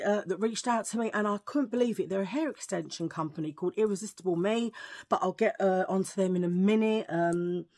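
Chatty woman with a husky voice. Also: a little high. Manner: rambling, chatty, self-mocking. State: tired from poor sleep. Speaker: vlogger. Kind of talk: casual chat to camera.

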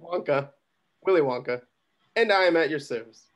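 A man's voice: a little high, lively intonation, normal speed, close to an everyday voice. A man with a London accent playing a young, overly polite chocolatier in a comedic table read. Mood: polite, formal. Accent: London English. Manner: polite, dryly formal.

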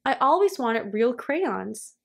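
A woman voicing an eager, cheerful little girl witch who chants rhyming spells in a bright, excited way. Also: on the high side, takes it slowly, vocal fry, full character voice.

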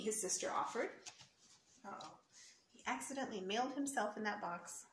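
A woman with a medium-pitched, slightly bright voice reads a picture book aloud to children at normal speed, explaining words and pointing at pictures as a storyteller. The room is echoey, with faint hiss.

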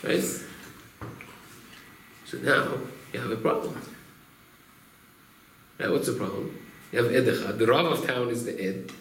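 A man's voice: mid-range voice, normal speed, pauses often, fairly bright tone, slight background noise. A man, a rabbi, teaching a Torah class through storytelling, acting out quotes and explaining Hebrew terms. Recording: roomy room echo, faint ambience.

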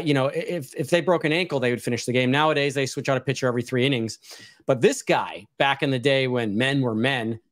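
A man's voice: medium pitch, fairly bright tone, no room sound, studio quality. A man co-hosting a casual chat, telling rambling stories and laughing often. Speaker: co-host.

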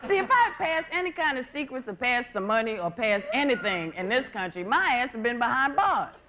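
A woman performing live stand-up comedy on a theater stage, talking in a profane, conversational way and mocking people with quick impressions. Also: on the high side, big pitch swings. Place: theater stage with laughing audience. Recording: noisy VHS live recording with loud crowd.

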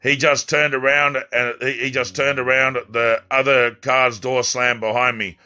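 A man's voice: mid-range voice, flat delivery, measured pace, bright, forceful tone, smooth. A man reading his own first-person story aloud, plainly, with occasional slips and restarts.

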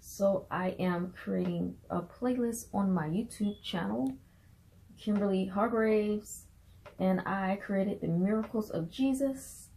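A woman's voice: medium pitch, takes it slowly, vocal fry, mellow, poor audio. A woman with a Southern US accent, chatting in a bubbly, laughing way on a casual vlog. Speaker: vlogger and minister.

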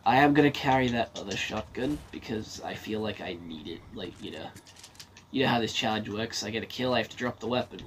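A man's voice: fairly low pitch, expressive, fairly quick, a little hiss or hum. Swearing male gamer talking to himself. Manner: swears freely, talks to himself while playing. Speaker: gaming streamer. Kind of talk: casual gameplay commentary.

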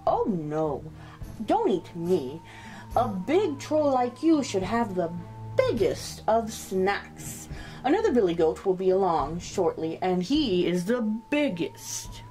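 A woman voicing a calm, clever male billy goat in a storybook read-aloud, pleading slowly and gently. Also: medium pitch, soft background music. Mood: coaxing.

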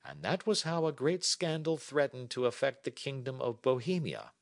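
Man narrating a story for learners, lively pitch. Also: no echo, clean studio sound.

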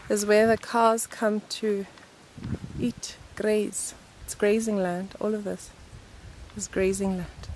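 A woman's voice: medium pitch, a little mellow, slight background noise, poor audio. A woman vlogging on a phone camera outdoors by a rural road, chatting playfully with teasing, mock-dramatic asides. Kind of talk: casual vlog chat.

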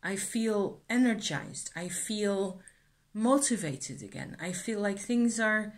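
A middle-aged woman with a medium-pitched, expressive voice speaks slowly in a reflective personal vlog about her feelings. Earnest and self-examining, she hesitates, often trails off and starts over.

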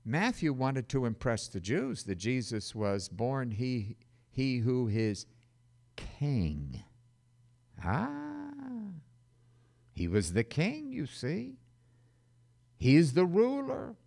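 A man preaching a sermon as a Bible teacher, dramatic and emphatic, with sudden loud bursts and conversational asides. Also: medium pitch, big pitch swings, slow pace.

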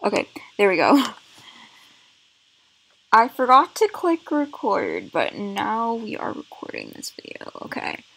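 A woman's voice: fairly high pitch, a bit bright, poor audio. A young woman, a gaming channel host, rambling through casual gameplay commentary with lots of fillers, talking around a rubber band from her braces. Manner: chatty, rambling, many "like" and "um" fillers.

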